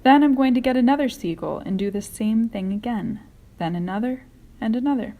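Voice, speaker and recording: Woman voicing a calm, determined boy. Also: fairly high pitch, fairly quick, pitched above the performer's own voice, natural voice. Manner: calm, firm.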